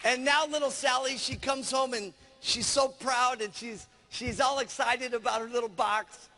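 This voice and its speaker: A male sales trainer telling a story in an animated way, acting out the scenes with gestures. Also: very high voice, moderate pace, in a large hall.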